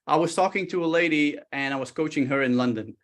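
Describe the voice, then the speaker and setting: Animated man explaining body language. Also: fairly high pitch, fast. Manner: animated, acts out quoted speech, frequent restarts. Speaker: body language expert guest. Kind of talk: talk show interview, explaining with stories.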